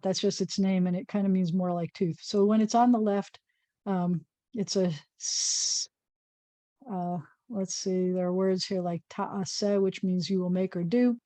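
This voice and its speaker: Woman rabbi teaching a Hebrew class; patient, explanatory delivery, mellow warm tone, dry close recording. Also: mid-range voice, no room sound. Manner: patient, explains slowly, chuckles at own jokes. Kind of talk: classroom lesson.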